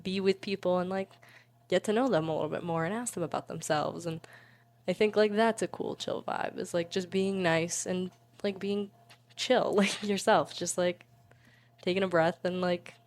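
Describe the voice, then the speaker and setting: A young woman in her twenties chats casually as an interview guest. She is bubbly and giggly and fills her talk with "like." Her voice sits a little low for a woman. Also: steady tone, moderate pace, darkish tone. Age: 20s.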